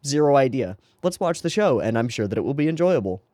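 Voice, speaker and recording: Lively, giggly anime reactor. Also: medium pitch, fast, no room sound, clean studio sound. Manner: rambling, excitable, giggly asides. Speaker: anime reaction channel host. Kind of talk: casual reaction commentary.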